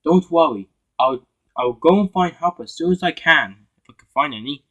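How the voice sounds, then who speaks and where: Guy doing a kind helpful engine, a bit higher and louder than usual. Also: lively intonation, moderate pace. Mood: concerned. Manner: reassuring.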